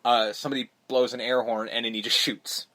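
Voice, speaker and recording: A man co-hosting a casual film podcast, retelling scenes with quick impressions of the characters, swearing and laughing. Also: mid-range voice, flat delivery, bright, forceful tone, a little hiss or hum. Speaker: podcast co-host. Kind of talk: casual movie recap chat.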